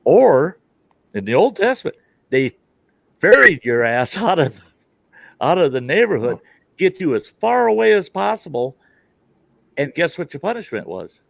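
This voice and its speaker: A man's voice: fairly high pitch, sing-song, unhurried, vocal fry, pauses often, no echo, dull audio. A man ranting bluntly in a casual group chat, acting out dialogue as he goes. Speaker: call participant.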